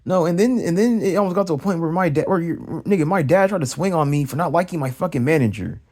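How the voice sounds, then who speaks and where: A man's voice: expressive, fast. A young man ranting heatedly in a casual vlog, swearing often and repeating himself as he vents. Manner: profane, heated, repetitive ranting; swings high and loud when mimicking others. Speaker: vlogger ranting. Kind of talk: casual rant.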